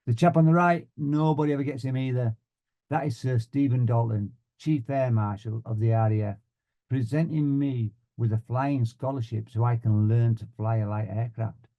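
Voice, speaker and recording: A man from Yorkshire with a Yorkshire accent, giving a humorous motivational talk with deadpan, self-mocking timing. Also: medium pitch, moderate pace, highs cut off. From Yorkshire, England. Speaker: motivational speaker.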